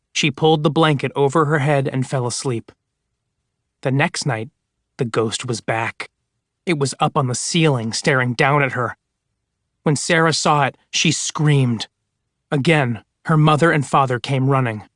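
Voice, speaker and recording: A man reading scary stories aloud in a dramatic storytelling manner. His voice is mid-pitched and the recording is dry and close, with no room sound. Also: a bit bright, dry recording. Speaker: audiobook reader. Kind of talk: scripted audiobook narration.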